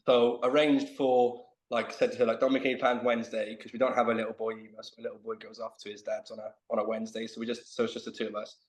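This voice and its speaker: Male guest, animated storyteller, middle pitch, echoey room sound. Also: fast talker, few pauses. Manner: animated, self-mocking storyteller. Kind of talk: casual storytelling chat. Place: remote video call.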